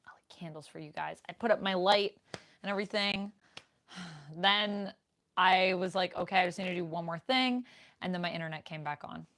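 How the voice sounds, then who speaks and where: A young woman with a slightly low voice hosts a relaxed live Q&A from a room at home. She talks into a desk microphone in a chatty way and reads her viewers' comments aloud. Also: normal speed, long pauses. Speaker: streamer. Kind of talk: casual live Q&A chat.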